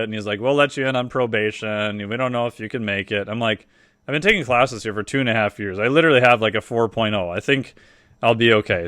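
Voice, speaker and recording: A middle-aged man telling a story on a podcast as the guest, casual and animated, acting out the voices of people he quotes. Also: medium pitch, smooth, no room sound, studio quality.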